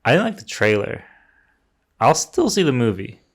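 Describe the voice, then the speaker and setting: A man's voice: medium pitch, sing-song, moderate pace, breathy edge. A man co-hosting a casual movie podcast, ranting with strong opinions. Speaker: podcast co-host. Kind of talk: casual chat.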